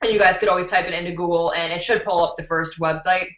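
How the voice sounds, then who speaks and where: Chatting candidly from home, a young woman hosting a beauty live stream answers viewer questions and breaks into easy laughter. She speaks fast in a lowish, steady voice with a slight brightness. The dull, roomy audio was picked up by her laptop's built-in mic.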